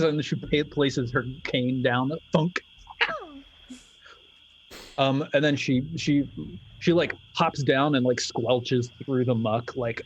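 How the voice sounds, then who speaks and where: A man's voice: medium pitch, dull audio, slight background noise. A man narrating as game master in a loose, chatty way.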